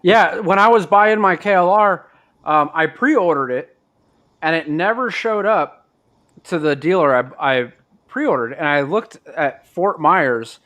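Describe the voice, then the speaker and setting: A young man chatting casually with fellow riders, telling an animated story. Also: on the high side, unhurried. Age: young adult. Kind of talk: casual chat.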